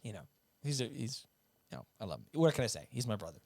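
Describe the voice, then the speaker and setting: A man from upstate New York telling family stories as a guest musician, relaxed, laughing often and swearing freely. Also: medium pitch, fast, gravelly, no room sound. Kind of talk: casual storytelling.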